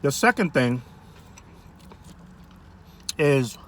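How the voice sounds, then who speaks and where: A man food vlogger telling a rambling, animated story to camera from a parked car. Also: mid-range voice, drawn-out words, slight background noise. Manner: rambling, animated, self-interrupting.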